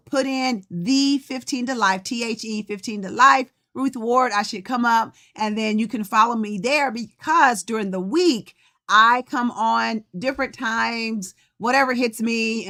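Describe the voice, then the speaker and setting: Bright-voiced chatty woman host. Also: a little high. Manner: chatty, greets viewers by name. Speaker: podcast host and coach. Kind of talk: casual livestream talk.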